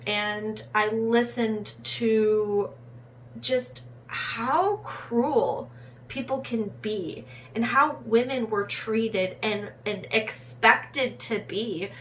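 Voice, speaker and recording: A young American woman from Rochester, New York, reviews a book in a casual vlog, earnest and impassioned, restarting sentences as she goes. Her voice is fairly high and fairly bright, with a little hiss or hum in the audio.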